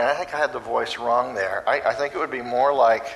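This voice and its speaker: Animated preacher, a man mid-pitch. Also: brisk, hardly any pauses, a little hiss or hum, low-quality recording. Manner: conversational and animated, acts out voices. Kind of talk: sermon.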